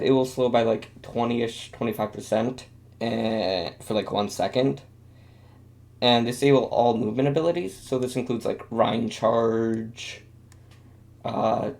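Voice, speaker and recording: Gravelly young man rambling casually. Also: medium pitch, darkish tone. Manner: rambling, self-deprecating, many fillers. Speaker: video game commentator. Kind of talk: casual commentary while drawing.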